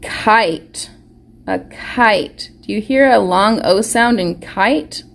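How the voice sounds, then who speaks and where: Slow, encouraging woman teaching phonics. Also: mid-range voice, creaky. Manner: slow, encouraging, sounds words out carefully. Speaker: preschool teacher. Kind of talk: online phonics lesson for young children. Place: school or home classroom, live stream.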